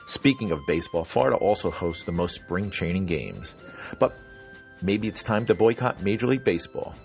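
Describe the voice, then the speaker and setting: A man's voice: low-pitched, vocal fry. A man reading a scripted political radio ad in a folksy, persuasive way, with a music bed behind him.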